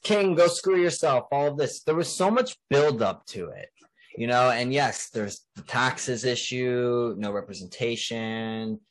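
A man's voice: medium pitch, animated, a little slow. A man hosting a casual podcast chat, talking emphatically and rambling with many fillers. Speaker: podcast host.

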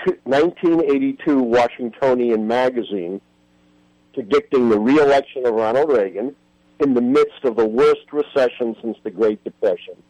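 A man's voice: mid-range voice, warm tone, no room sound, lo-fi sound. An older man, a history professor, telling stories with animation and emphasis as a guest in a radio interview.

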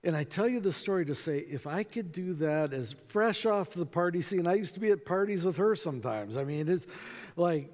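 A man in his sixties from North Dakota speaks to a conference crowd in a fairly high voice. He tells his story with animation and acts out the quoted lines. A long reverb from the big hall trails after his words. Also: a little mellow. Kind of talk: storytelling talk to a conference audience.

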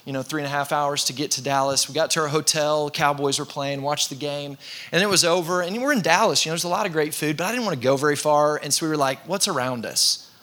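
A man, a pastor preaching a sermon to his congregation and telling funny personal stories in a relaxed, conversational way. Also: fairly high pitch, quick pace. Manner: conversational, self-deprecating storytelling with laughs. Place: church in front of a congregation.

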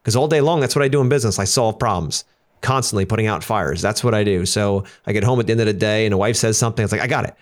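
A man's voice: lowish voice, very fast. A middle-aged man who runs a business, co-hosting a casual podcast and telling candid stories with acted-out quotes. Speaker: business owner and podcast co-host.

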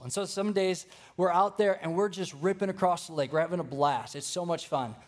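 A young man preaching a sermon, telling stories with lively energy and speaking straight to the congregation. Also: sits high, brisk, few pauses. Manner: storytelling, animated, addresses congregation directly.

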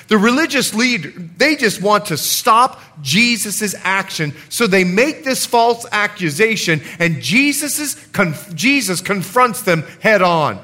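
A man preaching a sermon as pastor, animated and acting out scenes and quotes as he goes. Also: high-pitched, unhurried, few pauses.

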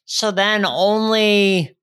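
A man in his thirties, a guest speaker telling his own story in a podcast interview, earnest and halting with frequent restarts. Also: high voice, fairly bright tone, clean tone.

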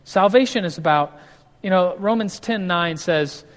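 An unhurried male pastor with a voice that sits high teaches a conversational, easygoing sermon. Restarts are frequent, and he acts out the things people say, heard through a long hall reverb.

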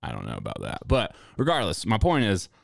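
Low-voiced, swearing young male streamer. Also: huge pitch swings, a little fast, creaky, dry recording, clean studio sound. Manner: sarcastic, swears freely, drawling asides. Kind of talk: casual profane rant.

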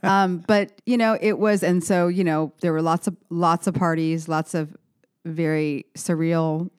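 This is a young woman from the United States with a lowish voice, telling stories as a guest on a talk show. She talks in a halting, wandering way, full of restarts and "you know"s. The sound is dry and close. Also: fairly even intonation, darkish tone, clean tone, no echo. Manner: rambling, halting with many restarts. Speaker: musician guest. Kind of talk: casual interview chat.

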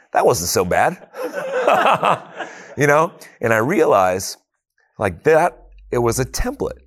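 A middle-aged man giving an earnest faith talk, telling a personal story in a conversational way. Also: fairly low pitch. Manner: earnest, conversational, with many "you know" asides. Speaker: speaker.

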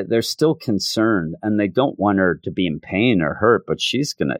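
A man's voice: lowish voice, dry recording, clean studio sound. A man hosting a podcast, talking through a comic in a rambling, self-interrupting way. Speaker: podcast host. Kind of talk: casual comic book review.

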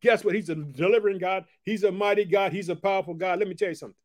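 A man's voice: high voice, rapid-fire, dry recording, clean studio sound. A man preaching a fervent podcast sermon, with repeated rhetorical asides. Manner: fervent, repetitive call-and-response asides.

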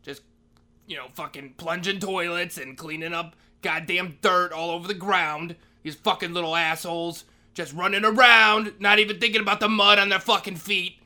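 A man's voice: sits high, steady tone, moderate pace, pushed and bright. A man playing a grumpy school janitor in a comedy monologue, swearing constantly as he rants and grumbles. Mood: grumbling. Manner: profane, ranting, swears constantly. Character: foul-mouthed grumpy male school janitor, always ranting.

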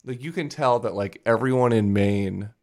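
A man's voice: medium pitch, moderate pace, darkish tone. A young man co-hosting a podcast, chatting casually with lots of fillers and frequent laughs. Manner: rambling, filler-heavy, laughs often. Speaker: podcast co-host. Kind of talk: casual chat.

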